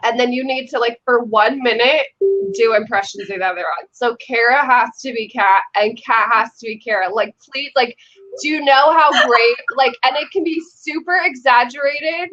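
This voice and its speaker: A woman's voice: fairly high pitch, normal speed, sharp tone, highs cut off. A woman guest on an online chat, talking in a brash, profane, rambling way full of likes. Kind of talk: casual chat.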